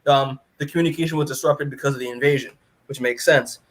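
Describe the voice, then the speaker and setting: A man co-hosting a podcast, recapping a comic in casual chat, rambling with lots of fillers and retelling scenes in an animated way. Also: mid-range voice, fast. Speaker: podcast co-host.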